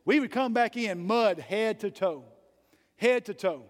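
A man preaching a sermon to his church, telling folksy stories and rising to loud emphatic peaks between quieter asides. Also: sits high, expressive, unhurried, big-room sound. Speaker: pastor. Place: church sanctuary.

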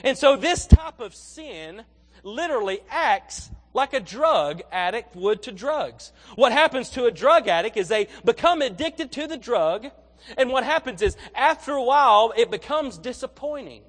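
A man's voice: extremely high pitch, expressive, normal speed. A young man preaching a sermon in a folksy, conversational way, often repeating his words as he tells stories. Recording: long reverb of a large hall.

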